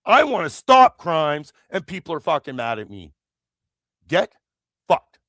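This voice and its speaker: A man's voice: on the high side, wildly swooping pitch, moderate pace, pushed and bright, no echo, clean studio sound. A man from Canada hosting a political livestream, ranting angrily with heavy swearing and rambling restarts. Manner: angry, profane, rambling. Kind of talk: heated political rant.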